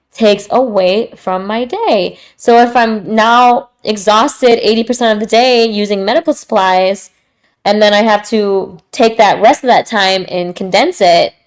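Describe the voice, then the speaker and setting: A woman hosts a podcast in a loose, casual way. Her speech is slangy, candid and straight to the point, and her voice sits at a middle pitch. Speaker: podcast host. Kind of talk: casual talk.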